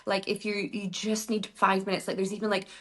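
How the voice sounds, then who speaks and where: A woman's voice: medium pitch, little pitch movement, fairly quick, a bit bright. A woman with a Scottish accent, guest on a podcast, talking in a chatty, rambling, upbeat way. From Scotland. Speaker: guest, beauty business founder. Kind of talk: casual podcast interview.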